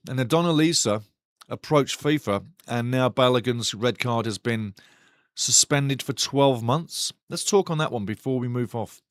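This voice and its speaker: Speaking in a mid-range voice, a man hosts a live match watch-along and talks passionately to his chat about the play. Indignant and ranting, he speaks directly to them. The sound is clean studio audio with no room sound.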